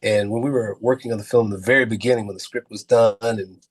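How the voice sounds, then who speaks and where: A man's voice: fairly low pitch, fairly even intonation, fast. A man, a film producer and actor, speaking as a guest in a casual interview, telling earnest, rambling stories full of fillers.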